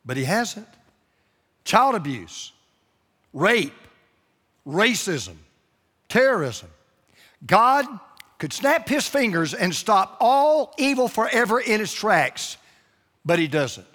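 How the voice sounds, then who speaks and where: High-voiced preacher in a reverberant hall. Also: male voice, a bit bright. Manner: emphatic preaching, slowing down to stress key phrases. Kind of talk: sermon.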